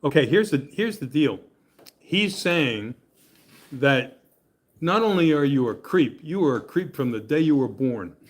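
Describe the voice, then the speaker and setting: A man at an ordinary middle pitch leads a Bible study in a loose, conversational way. He reads scripture aloud, breaks off to explain it with jokes, and keeps checking in with his class. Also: animated, a little slow. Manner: chatty and joking, often laughing and checking in with "okay?". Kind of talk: casual Bible study teaching and scripture reading.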